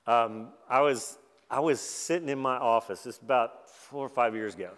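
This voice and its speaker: A man's voice: mid-range voice, moderate pace, a bit bright. Man preaching in a reverberant hall. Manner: conversational, self-deprecating preaching with laughs. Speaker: conference speaker. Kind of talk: sermon.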